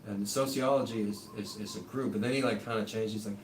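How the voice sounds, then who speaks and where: A man's voice: lowish voice, fairly even intonation, quick pace. A man hosting a live stream, ranting in a loose, rambling way full of fillers and swearing. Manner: rambling, profane, heavy on fillers. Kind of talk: casual rambling rant. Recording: echoey room, voice far from mic, faint noise.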